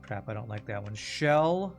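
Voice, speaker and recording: A man's voice: on the low side, lively intonation, unhurried. Man thinking aloud while gaming. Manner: muttering to himself, thinking aloud. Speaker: streamer playing a puzzle game. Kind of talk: casual gameplay commentary.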